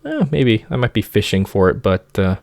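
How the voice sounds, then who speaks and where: Low gravelly man explaining music. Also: wildly swooping pitch, moderate pace, darkish tone, dry recording. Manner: sings motifs with nonsense syllables, hesitant with many fillers. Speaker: music theory teacher. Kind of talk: informal music analysis lecture.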